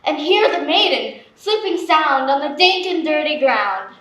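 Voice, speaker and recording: A woman's voice: high-pitched, expressive, unhurried, a bit bright. A woman playing a mischievous forest sprite. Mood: searching. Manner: declaiming verse on stage. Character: mischievous male sprite servant searching the forest. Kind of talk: stage play performance. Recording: echoey stage, faint noise.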